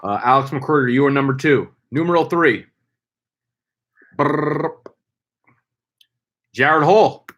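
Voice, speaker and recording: A young man hosting a casual live stream, loud and playful, hyping up names with slang and swearing. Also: mid-range voice, lively intonation, measured pace, long pauses. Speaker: fantasy football streamer.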